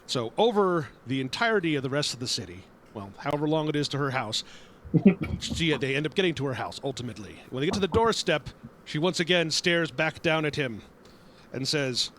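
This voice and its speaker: A man's voice: on the high side, lively intonation, moderate pace, fairly bright tone, slight background noise. A man improvising a story for friends on a call, often laughing and correcting himself. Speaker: player telling the story.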